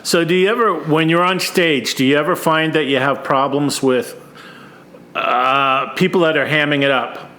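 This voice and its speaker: A man co-hosting a podcast breaks in with quick reactions and follow-up questions. His voice is slightly raised and bright. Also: a little high, fairly even intonation. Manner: short reactive interjections and questions. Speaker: podcast co-host. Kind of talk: casual podcast chat.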